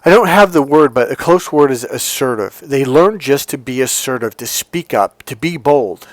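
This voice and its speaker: A man's voice: mid-range voice, expressive, normal speed, no echo. Blunt, profane man coaching hard. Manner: blunt and profane, swings between loud commands and quiet asides. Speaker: dating and relationship coach. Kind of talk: emphatic motivational monologue.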